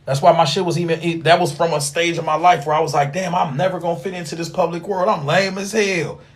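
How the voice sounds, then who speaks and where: A man's voice: fairly high pitch, steady tone, fast talker. A man hosting a livestream, lecturing in a rambling, profane, preachy way full of slang. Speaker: livestream host teaching occult class. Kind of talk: casual livestream talk.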